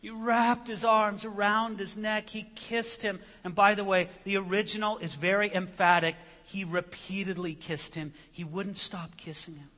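A man's voice: high voice, level tone, normal speed, hardly any pauses, pushed and bright. A man preaching a sermon, retelling a story with dramatic flair and acting out the characters' voices. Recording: long reverb of a large hall.

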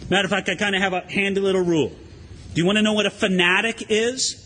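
High-pitched preacher in an echoing hall. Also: male voice, fast talker, a little hiss or hum. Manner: animated, conversational preaching with acted asides. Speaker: pastor. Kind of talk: sermon. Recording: long hall reverb.

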